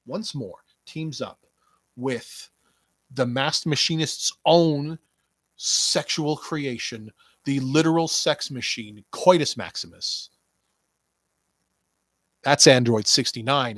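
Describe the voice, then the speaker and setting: A young man hosts his wrestling podcast in a rambling, sarcastic way, swearing freely and mocking a wrestler to his face. He talks slowly, and the sound is dry and close. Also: medium pitch, fairly bright tone, no room sound. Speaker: podcast host. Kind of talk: casual wrestling commentary podcast.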